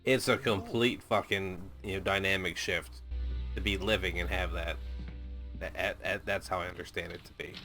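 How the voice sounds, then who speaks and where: A man's voice: low-pitched, fairly even intonation, moderate pace. A man who is a military veteran, reacting to a war drama in casual, profane, laughing commentary. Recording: voice over film music.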